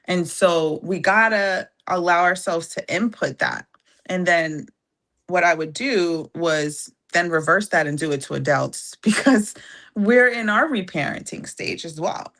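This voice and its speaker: A woman speaking in a casual podcast conversation, reflective and halting, with many fillers and restarts. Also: fairly low pitch, a bit bright. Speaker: podcast guest.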